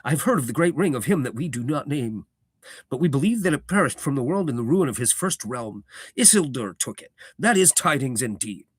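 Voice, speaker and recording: A man's voice: medium pitch, sing-song, brisk, slightly rough, no room sound, clean studio sound, voice pushed up. A man voicing a proud mortal warrior lord who speaks in an emphatic, exclaiming way. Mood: astonished.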